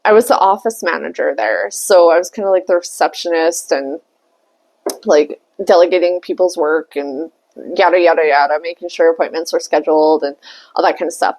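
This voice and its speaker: A woman's voice: lowish voice, steady tone, fairly quick, creaky, a little mellow. A woman telling a personal story in a candid, chatty way, swearing freely and laughing often. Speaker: tarot reader and vlogger. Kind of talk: casual storytelling.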